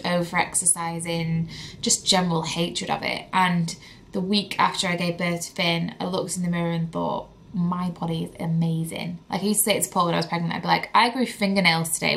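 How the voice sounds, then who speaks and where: A young mother talks casually to her camera, candid and chatty, with plenty of fillers. Her voice sits a little low for a woman. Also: level tone, moderate pace, vocal fry, a bit bright, a little hiss or hum. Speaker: vlogger, mother.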